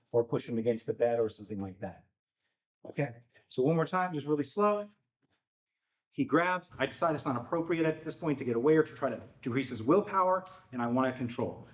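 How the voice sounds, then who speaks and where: A man giving a calm, step-by-step self-defense demonstration lesson, often checking in with "okay?". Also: medium pitch.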